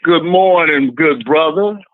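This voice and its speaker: A high-pitched man calling in to a talk show. He speaks passionately, repeating his points as if preaching. His voice comes through a dull, lo-fi phone line with little room sound. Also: takes it slowly. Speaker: caller. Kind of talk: casual call-in rant.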